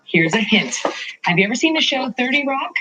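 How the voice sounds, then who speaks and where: A woman talk show host walks through a TV studio, chatting in a bubbly, self-mocking way. Her voice sits fairly high and swoops in lively arcs of pitch. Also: fairly quick, background noise. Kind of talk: playful on-location TV segment. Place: TV studio and halls, touring on foot.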